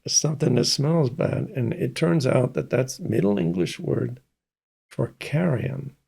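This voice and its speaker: Older man, interview guest, husky dark voice, unhurried storyteller. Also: medium pitch. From Mississippi. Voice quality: gravelly and husky. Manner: slow, thoughtful storytelling with many pauses. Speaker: guest, pianist and composer. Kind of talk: casual interview talk.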